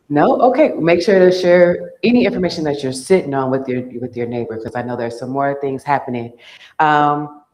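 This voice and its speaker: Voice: mid-range voice, a little mellow. A host running announcements at a live event, upbeat and coaxing the crowd. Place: large event venue. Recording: roomy venue sound.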